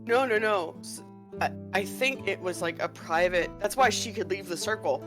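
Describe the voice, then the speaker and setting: A woman's voice: mid-range voice, normal speed, over music. A woman playing a tabletop game, explaining in a rambling, hesitant way. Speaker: player. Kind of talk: tabletop role-play chat.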